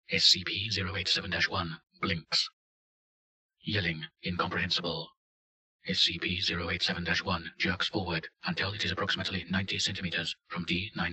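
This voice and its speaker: A man giving a scripted narration of a report in a flat, matter-of-fact delivery. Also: sits low, rough recording. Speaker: reader.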